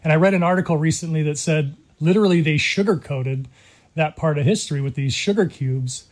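A middle-aged man from California, telling his story in an earnest, measured way as an interview guest. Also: fairly high pitch. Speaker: guest, documentary creator. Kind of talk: interview conversation.

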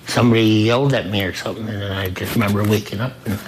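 A man who works the front desk at a recovery program, telling his own story in an earnest, halting way and often repeating himself. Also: on the low side, fairly even intonation, slight background noise, low-quality recording. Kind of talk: personal testimony in an interview.

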